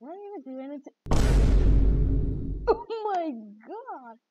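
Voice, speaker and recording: A woman hosting gameplay commentary, excitable and reacting with repeated exclamations. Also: extremely high pitch, slow pace, music in the background. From Jamaica. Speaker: gaming channel host. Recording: dull lo-fi mic with faint noise.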